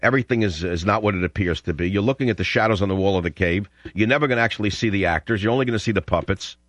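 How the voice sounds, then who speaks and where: A man's voice: on the low side, very fast, fairly bright tone, no echo. An older man hosting a radio talk show, rambling and combative as he rants between clips. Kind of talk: opinionated radio monologue.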